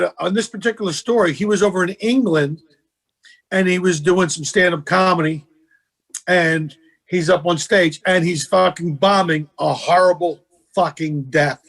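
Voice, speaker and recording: A man's voice: high-pitched, gravelly, fairly bright tone. Profane male comedian telling stories. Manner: profane, laid-back storyteller. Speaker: guest comedian. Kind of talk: casual storytelling chat.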